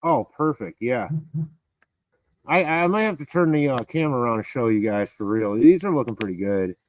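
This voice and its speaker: Chatty man with a lively voice. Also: medium pitch, normal speed, slight background noise. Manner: chatty, reads viewer comments aloud, laughs often. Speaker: live streamer. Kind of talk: casual live-stream chat while cooking.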